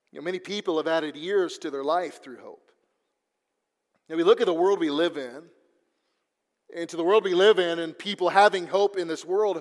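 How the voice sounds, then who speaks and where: A man with a high voice preaches a sermon to his congregation. He tells stories and often restarts a word before going on. His voice rings out with a long reverb in a large church hall. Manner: storytelling preacher with repeated restarts. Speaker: pastor.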